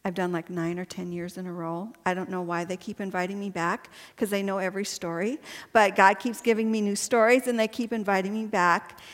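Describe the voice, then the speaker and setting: A woman's voice: medium pitch, flat delivery, a little fast. A woman giving a personal faith testimony to a women's gathering, chatty and earnest and laughing often. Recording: long hall reverb.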